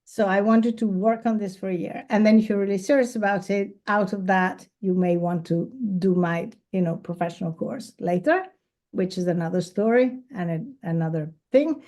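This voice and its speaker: A woman's voice: mid-range voice, moderate pace, dark tone. A professional photographer, a woman, giving a casual, enthusiastic talk and answering questions at an event. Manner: chatty, enthusiastic, laughs easily. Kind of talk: casual presentation and Q&A. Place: event space.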